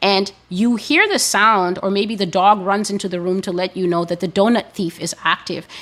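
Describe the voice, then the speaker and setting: Slow, emphatic woman preacher. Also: mid-range voice, a bit bright. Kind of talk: teaching sermon.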